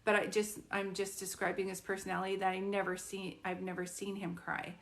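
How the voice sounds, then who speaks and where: A woman in her fifties speaks at a middle pitch, chatty and earnest as she tells a personal story. She often stops and restarts her sentences and leans on casual fillers. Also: little pitch movement, brisk, vocal fry, fairly bright tone. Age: 50s. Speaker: psychic medium.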